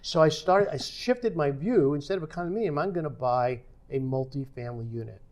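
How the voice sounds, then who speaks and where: Fairly quick and a little mellow, this older man's voice sits on the high side. As a guest in a podcast conversation, he shares a tale from his working days and performs the dialogue he quotes.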